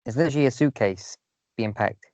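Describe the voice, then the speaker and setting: A man co-hosting a podcast over a video call, chatting casually with short reactions and quick quips. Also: mid-range voice, darkish tone, no room sound. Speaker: podcast co-host listening. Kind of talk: casual chat. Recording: dull dry call audio.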